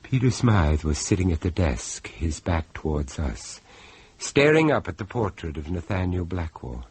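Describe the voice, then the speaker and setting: A man's voice: sits low, very animated, normal speed, darkish tone, slightly rough, no room sound, heavily acted. A man narrating and playing the hero of a 1970s radio horror drama in a theatrical, menacing storytelling manner. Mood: ominous. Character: suave middle-aged male narrator-hero. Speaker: host and narrator.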